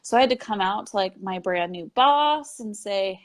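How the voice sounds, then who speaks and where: A woman's voice: mid-range voice, expressive, moderate pace. A young woman in a casual interview, telling her story of becoming a medium in a chatty way, with plenty of fillers and little laughs.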